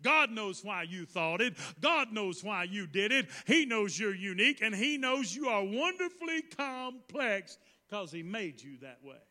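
High, bright-voiced preacher in echoing hall. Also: male voice, sing-song, measured pace, hardly any pauses. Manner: repetitive call-and-response preaching, rising to shouts. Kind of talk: sermon. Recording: long reverb of a hall.

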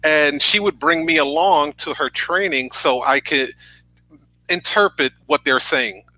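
A man's voice: fairly high pitch, measured pace, sharp tone, no echo, poor audio. A man in his thirties from New York, a podcast guest earnestly telling a personal story over a video call, often checking in with "right?". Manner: earnest, tag questions with "right?".

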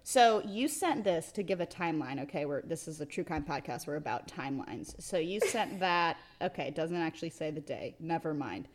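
A woman's voice: sits low, brisk, hardly any pauses. Woman podcast cohost, bouncy up-and-down voice, giggly and playful, reads stuff out dramatically. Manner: animated and giggly, reading messages aloud with playful emphasis. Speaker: podcast co-host. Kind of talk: casual chat.

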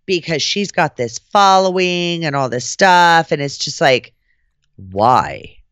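A woman hosting a podcast, telling a story in casual chat, profane and animated, slipping into the voices of the people she quotes. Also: fairly low pitch, a little slow, clean tone, no echo, clean studio sound. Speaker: podcast host.

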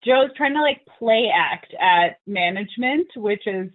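A woman co-hosting a podcast, wry and quick to laugh, adding dry asides about work. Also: mid-range voice, lively intonation. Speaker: podcast co-host. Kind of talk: casual chat on a phone-quality line. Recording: thin phone-like audio.

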